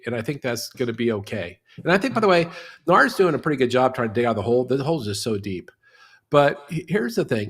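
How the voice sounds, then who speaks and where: A middle-aged man in a podcast discussion, talking fast and animated with lots of "you know" as he explains the real estate industry. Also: mid-range voice.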